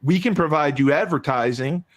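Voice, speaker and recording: A man's voice: a little high, moderate pace, soft background music. A man hosting a podcast in a casual chat, self-deprecating, joking and swearing a lot. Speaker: podcast host.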